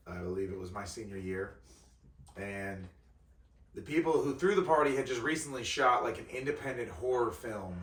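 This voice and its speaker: A young man tells stories with animated energy as a podcast guest. His voice is bright and pushy. He sits a little off the mic in a room with a lot of echo. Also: fairly low pitch, recorded from a distance. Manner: animated, laughing storyteller. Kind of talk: casual storytelling chat. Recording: roomy, off-mic sound.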